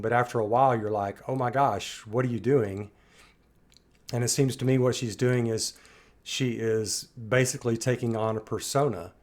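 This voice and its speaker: A middle-aged man talks through his thoughts in a reflective commentary, musing and circling back as he goes. His voice sits at an ordinary middle pitch for a man. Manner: thoughtful, musing, loosely rambling. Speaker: reaction commentator.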